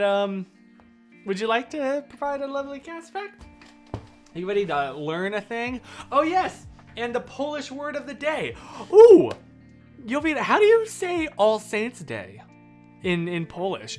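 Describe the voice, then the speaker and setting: A live streamer in a casual, unhurried story mode, talking at a slow pace with a mid-range voice. The delivery rambles and keeps circling back to fix details. Faint guitar music plays underneath. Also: medium pitch. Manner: rambling, self-correcting, chatty with viewers.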